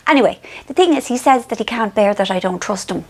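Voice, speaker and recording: Middle-aged Irish woman, rambling storyteller, self-mocking, fairly high voice. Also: lively intonation, fast. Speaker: author and vlogger. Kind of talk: casual anecdotal monologue.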